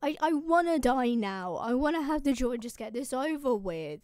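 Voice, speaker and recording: A woman voicing a frantic, whiny young male warrior, high-pitched and exasperated. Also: lively intonation, normal speed, darkish tone, dry recording, studio quality.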